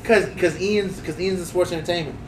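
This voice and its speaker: A man with a notably high voice chats casually as a podcast co-host, relaxed and quick to laugh while steering the talk. He sits back from the mic in a roomy space, with a faint hiss behind him. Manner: laid-back, leads the segments, laughs often. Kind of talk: casual chat. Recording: roomy echo, distant mic, faint noise.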